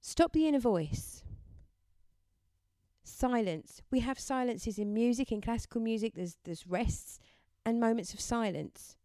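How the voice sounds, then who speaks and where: A woman delivers a motivational mindfulness talk in a gentle, encouraging way. Her voice is smooth and clear and sits a little high, and she takes her time over every phrase. The recording is dry, with no room echo. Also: expressive, measured pace. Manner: gentle, encouraging, leads listeners through affirmations. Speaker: self-help speaker.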